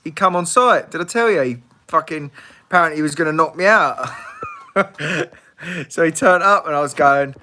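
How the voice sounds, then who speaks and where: A man's voice: a little high, normal speed, pushed and bright. A man hosting a casual live Q&A, blunt and swearing freely, laughing often. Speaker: livestream host.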